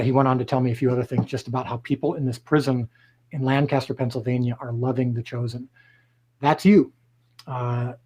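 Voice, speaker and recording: A man hosting a live stream, making upbeat, emphatic promotional announcements and slowly repeating key points. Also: fairly high pitch, a little mellow, poor audio.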